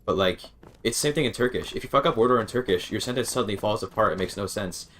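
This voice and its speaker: A man's voice: lowish voice, rapid-fire, fairly bright tone, a little hiss or hum. A man streaming a game, rambling and thinking aloud, often interrupting himself and swearing casually. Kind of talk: casual gaming stream chat.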